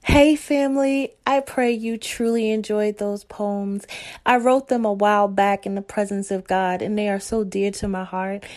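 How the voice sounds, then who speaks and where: A woman's voice: medium pitch, steady tone, normal speed, a little mellow. A woman speaking directly to her viewers with earnest, pleading devotional encouragement and repeated affirmations.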